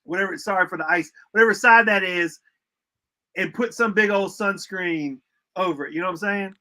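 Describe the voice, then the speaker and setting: Guy with a high bright voice, joking around, slangy, getting over a summer cold. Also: brisk. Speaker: co-host. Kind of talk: casual chat.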